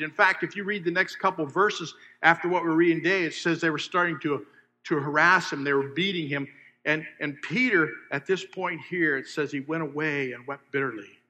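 A man preaching a sermon, asking his listeners questions and swinging between loud emphasis and hushed asides. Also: a little high, moderate pace. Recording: long hall reverb.

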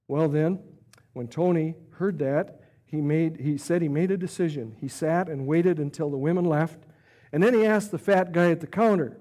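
A male preacher tells a story in a vivid, animated sermon. His voice is mellow and warm, pitched a bit high for a man. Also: normal speed.

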